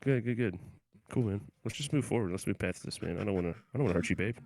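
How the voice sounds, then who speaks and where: A man co-hosting a comedy podcast over a remote call, mock-aggressive and crude, swinging from low mumbles to loud hype greetings. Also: fast talker. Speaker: podcast co-host. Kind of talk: casual comedic banter.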